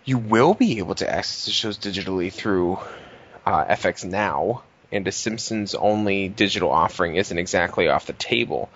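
A man's voice: low voice, moderate pace, fairly bright tone, slightly rough, lo-fi sound. A man co-hosting a podcast, reading entertainment news in a laid-back way, with casual swearing and fillers. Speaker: podcast co-host.

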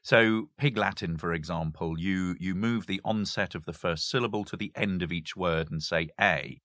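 A man's voice: sits low, moderate pace, a bit bright, no echo, studio quality. A man explaining language games in a casual chat, stopping to give examples and laughing often.

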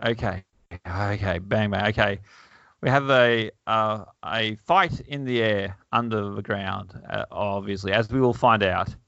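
Podcast chat from a man with a gravelly edge and a bright, forceful tone, who talks wryly and chuckles as he reads a comic aloud. The sound is dull and lo-fi. The room is dry. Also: fairly low pitch, measured pace, no room sound. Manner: wry, chuckling, lots of fillers. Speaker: podcast host.

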